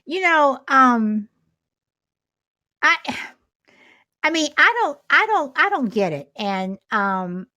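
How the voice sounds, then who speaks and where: Brief: middle-aged woman co-host, bit high-pitched, animated and exasperated, dry close sound. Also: very slow, long pauses, dry recording. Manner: animated, exasperated storytelling with rhetorical questions. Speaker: podcast co-host. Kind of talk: casual chat.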